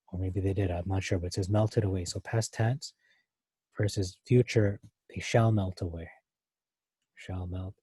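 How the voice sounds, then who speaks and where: A man's voice: lowish voice, mellow, breathy edge, dry recording. A man teaching a verse-by-verse Bible study, thinking aloud with many fillers and restarts.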